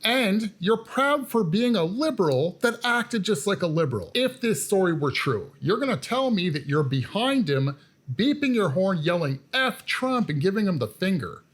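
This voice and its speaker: Guy doing reaction commentary, mocking, pitch all over the place, bit higher voice. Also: sing-song, moderate pace. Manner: mocking, lecturing.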